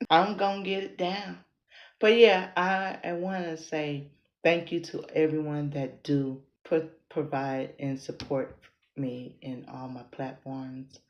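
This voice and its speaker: A woman's voice: low voice, little pitch movement, slow, a little mellow, muffled recording. An American woman hosting her own podcast, talking in a rambling, blunt and often profane casual monologue. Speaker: podcast host and content creator. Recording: roomy echo.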